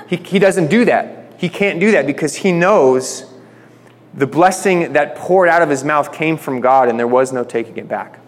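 A man with a somewhat high voice teaches scripture in a loose, chatty way, reading verses and then retelling them in slang. His voice rings with the long reverb of a large hall. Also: moderate pace. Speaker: Bible teacher. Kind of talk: casual Bible teaching.

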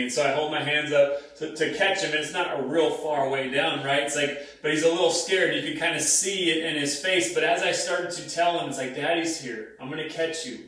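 A man's voice: a little high, a bit bright. A man in his thirties preaching a sermon in a conversational way, often repeating key phrases for emphasis. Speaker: pastor. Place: church hall. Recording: very echoey room, mic at a distance.

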